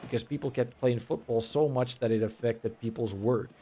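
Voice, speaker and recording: A man's voice: mid-range voice, fairly even intonation, moderate pace, dark tone, a little hiss or hum. A young Finnish man with a Finnish accent, a native Finnish speaker, giving casual, mumbly commentary while streaming a game. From Finland. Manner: mumbling, words run together.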